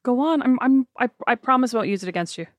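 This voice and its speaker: A woman's voice: a little high, lively intonation, quick pace, no room sound. Playful Irish woman, dry close sound. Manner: playful, jokey. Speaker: podcast co-host. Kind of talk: casual chat.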